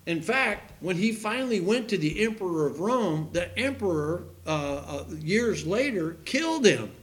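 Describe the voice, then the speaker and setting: A man preaching a sermon, reading scripture aloud and stressing key words loudly, with frequent fillers and restarts. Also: high voice, expressive, a little slow. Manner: fervent, rising to loud emphasis with frequent fillers and restarts; reads scripture aloud in King James wording.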